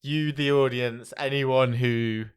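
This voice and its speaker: Speaking slowly in a smooth, steady, mid-range voice, this man co-hosts a laid-back podcast. He chats and reads entertainment news items aloud.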